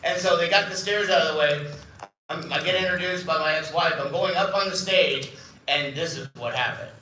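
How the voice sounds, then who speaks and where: Heard from a distance in an echoey event hall, a man in his fifties gives a chatty, self-mocking keynote, acting out the dialogue in his stories for a live audience. His voice is a little high, pushed and bright, at a moderate pace, with a little hiss or hum on the recording.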